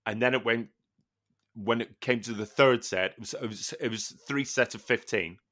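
A man co-hosting a casual podcast chat, telling an animated story with plenty of swearing and laughter. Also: mid-range voice, normal speed. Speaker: podcast co-host.

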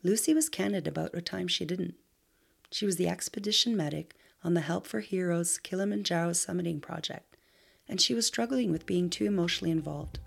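A woman podcast host giving a measured, scripted introduction to her guest's story. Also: on the low side, creaky, husky. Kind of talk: scripted narration.

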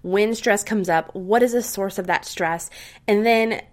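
A woman's voice: mid-range voice, measured pace. A woman hosting a podcast, giving casual, upbeat advice to her listeners and often checking in with tag questions. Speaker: podcast host.

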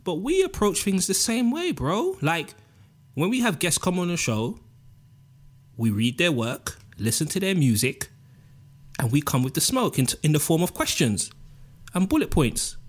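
A man's voice: on the high side, sing-song, normal speed. A man, co-hosting a podcast with joking, slangy banter. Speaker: podcast co-host. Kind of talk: casual chat.

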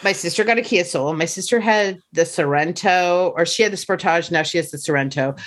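A woman, a comedian guest on a casual podcast, telling a story in an animated, profane way. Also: lowish voice, fairly quick.

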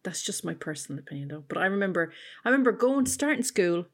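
A woman's voice: lowish voice, very animated, fast. A woman co-hosting a candid chat, frank and sweary, giving reassuring advice. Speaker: podcast co-host.

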